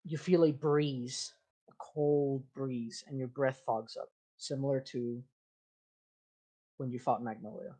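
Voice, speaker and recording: A game master narrates a tabletop scene at an unhurried pace. The narration is descriptive and improvised, full of fillers and self-corrections. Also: medium pitch, fairly even intonation, dark tone. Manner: descriptive, with frequent fillers and restarts.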